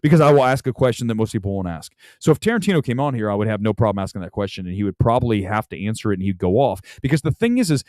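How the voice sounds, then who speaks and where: A man's voice: fairly low pitch, expressive, racing, few pauses, a little mellow, no room sound, clean studio sound. A man hosting a livestream, telling a rambling story in casual chat with lots of restarts. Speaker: show host. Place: Los Angeles.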